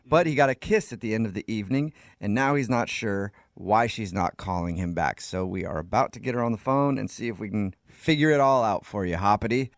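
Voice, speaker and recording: A man's voice: lowish voice, a little fast, hardly any pauses, no room sound, clean studio sound. A man hosting a morning radio show, joking and laughing often with a caller. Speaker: radio host.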